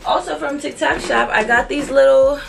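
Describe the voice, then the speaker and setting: A woman's voice: high-pitched, fairly even intonation, moderate pace, vocal fry, heavy background noise. A woman in her twenties chatting casually to her viewers in a bubbly, slangy vlog style. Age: 20s. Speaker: vlogger. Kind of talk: casual vlog chat to camera.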